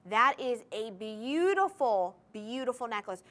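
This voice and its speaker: An upbeat woman with a slightly high voice hosts a live jewelry sale on a shopping channel. She chats enthusiastically, talking directly to the viewers at home from a TV studio. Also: sing-song, a little slow, a bit bright. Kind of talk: live TV jewelry sales pitch. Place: TV studio with controlled lighting.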